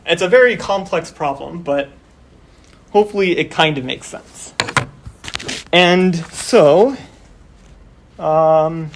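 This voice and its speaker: A young man teaching a university class, talking casually and filling pauses with "like" and "um", his voice a bit worn as he starts losing it. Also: on the high side, a little hiss or hum. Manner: casual, explains step by step with many fillers. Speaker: course instructor. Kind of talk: university lecture.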